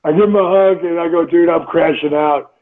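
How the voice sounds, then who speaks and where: A man in his fifties, an interview guest telling stories in a casual, animated way, acting out quotes and swearing freely. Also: fairly high pitch, a little fast. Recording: tinny phone-line audio.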